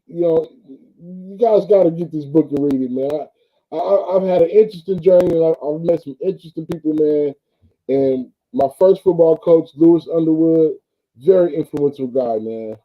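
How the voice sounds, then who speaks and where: A man's voice: on the high side, phone-quality sound. A man who coaches football, talking sports in an easygoing way and often saying "man" and "bro". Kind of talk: casual sports talk.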